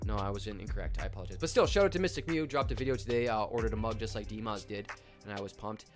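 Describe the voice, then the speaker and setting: A young man from Canada hosting a live stream, chatting excitedly in slang and greeting viewers by name. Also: fairly low pitch, racing, soft background music. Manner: hyped, slangy, shouts out chat viewers by name. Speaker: livestream host. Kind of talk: casual live stream chat.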